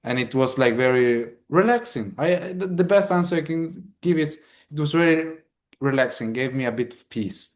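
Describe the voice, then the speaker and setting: A man hosting a podcast, speaking at a mid pitch in an easy, conversational way. He hesitates and restarts while he searches for the right words. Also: animated, normal speed. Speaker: podcast host. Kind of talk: casual conversation.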